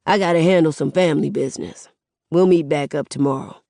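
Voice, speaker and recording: A woman's voice: sits low, fairly quick, vocal fry, warm tone, no echo, studio quality. A woman voicing an affectionate, street-wise middle-aged father who talks in a laid-back, slangy drawl.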